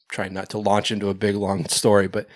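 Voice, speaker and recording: A man's voice: fairly low pitch, no echo, studio quality. A man hosting a podcast in casual chat, rambling, swearing and laughing often. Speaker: podcast host.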